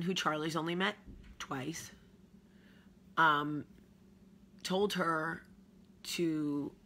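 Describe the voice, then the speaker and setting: Woman, 30s, casual vlog host, low bright voice, unhurried drawling storyteller. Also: a little hiss or hum. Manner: chatty, drawling, warm storytelling with sighs and yawns. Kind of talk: casual morning chat.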